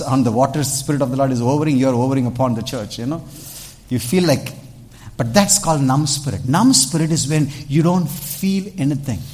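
A man preaching a sermon to a church congregation, animated and calling out to the crowd. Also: mid-range voice. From India. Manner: animated, calls out "Hello?" to the congregation, dramatic shifts in loudness. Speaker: pastor.

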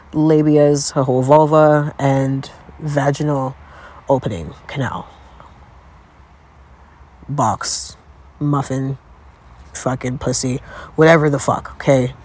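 A woman's voice: deep voice, a little mellow. Young woman ranting on her podcast, swears a lot, fed up and joking about it. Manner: profane, exasperated, comedic venting. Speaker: podcast host. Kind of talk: casual solo podcast rant.

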